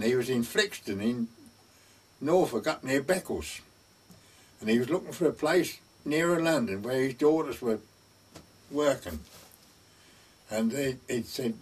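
A man's voice: medium pitch, breathy edge, far from the mic. An older man telling village anecdotes in a chatty way, with dry humor. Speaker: village storyteller. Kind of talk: oral-history storytelling.

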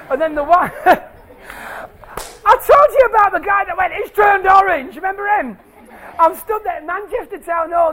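A stage presenter doing maths tricks live for an audience in a hall, playful and jokey as they draw the crowd in. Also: high-pitched.

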